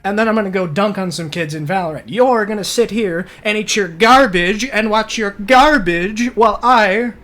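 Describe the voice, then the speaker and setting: A man playing a hot-tempered, petty home-cook husband in a profane, shouty tirade. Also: high voice, normal speed, few pauses, pitched above the performer's own voice. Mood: enraged rant.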